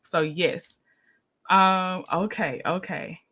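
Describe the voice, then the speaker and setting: A woman's voice: lowish voice, takes it slowly, pushed and bright. A woman hosting a casual livestream, greeting viewers by name and laughing often. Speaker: livestream host.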